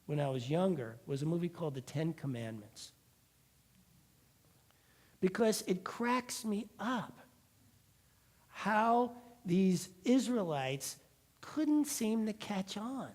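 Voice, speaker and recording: A man giving a sermon as pastor, telling a story in a lively, conversational way. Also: high voice, slow, pauses often.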